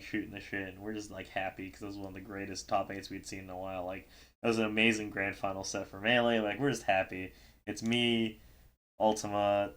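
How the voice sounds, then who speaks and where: A man's voice: on the low side, fairly bright tone. A man casually telling a story on a livestream, rambling with lots of fillers and breaking into laughter. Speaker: stream host recapping a tournament.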